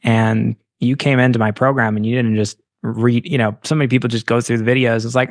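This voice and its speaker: A man hosting an interview as a business coach, speaking in a thoughtful, measured and affirming way. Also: medium pitch, level tone, dry recording, clean studio sound. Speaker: business coach and podcast host. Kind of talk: reflective interview conversation.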